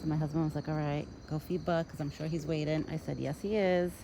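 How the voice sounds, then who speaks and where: A woman's voice: low-pitched, steady tone, fast talker, background noise. A woman in her thirties chatting casually outdoors while feeding a deer, cooing baby talk at it. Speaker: vlogger feeding a wild deer. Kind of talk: casual chat. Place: outdoors in a yard at dusk. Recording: outdoor phone recording, crickets. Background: crickets and insects.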